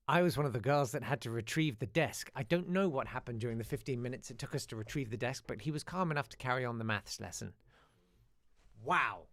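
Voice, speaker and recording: A man's voice: medium pitch, dry recording, studio quality. A man hosting a live show, chatting casually, reading listener emails and telling stories with asides and restarts. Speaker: host.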